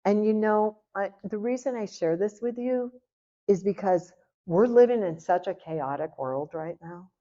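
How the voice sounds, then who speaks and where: A middle-aged woman tells her personal testimony to a church audience. She is a lively storyteller who acts out each exchange, her voice sitting at a middling pitch. The recording is dull and slightly lo-fi. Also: a little slow. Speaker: guest speaker giving a personal testimony.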